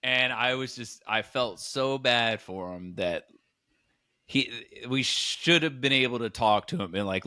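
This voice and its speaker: A man co-hosting a comedy podcast, telling a rambling, animated story in casual chat. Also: medium pitch, measured pace, dry recording, clean studio sound. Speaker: podcast co-host.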